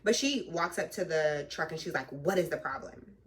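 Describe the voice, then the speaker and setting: Young woman, casual storytelling, lively and cussing, low voice, mic a little far off. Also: moderate pace. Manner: animated, acts out both sides of the argument, swears. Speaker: trucking vlogger.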